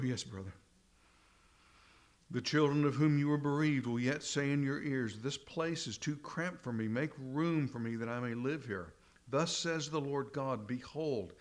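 A pastor preaches a sermon in a medium-pitched voice, slow and deliberate. He repeats phrases for emphasis and calls the congregation brethren.

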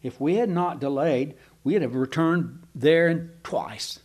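Conversational preacher reading scripture. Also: male voice, on the high side, takes it slowly, a little mellow. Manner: reads scripture aloud, breaking off for conversational asides.

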